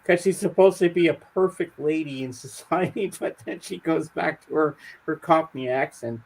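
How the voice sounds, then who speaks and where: A man's voice: a little high, moderate pace, gravelly, a little mellow, poor audio. A man co-hosting a casual chat, upbeat and talkative, eager to share favorites. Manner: upbeat, chatty, bursts into song snippets. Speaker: regular co-host.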